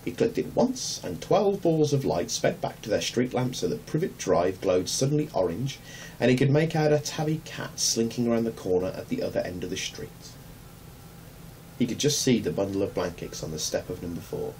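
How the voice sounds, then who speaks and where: A man reading a children's novel aloud in a measured, gentle storytelling manner. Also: mid-range voice, lively intonation. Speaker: narrator. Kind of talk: audiobook reading. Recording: distant mic, faint hum.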